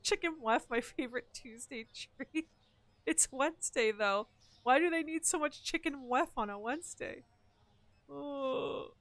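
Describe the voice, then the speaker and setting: A woman live-streaming from home, chatting in a self-mocking way as she plays and sometimes yelling loudly at the customers in the game. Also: sits high, a little slow, dry recording. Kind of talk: casual live-stream commentary while gaming.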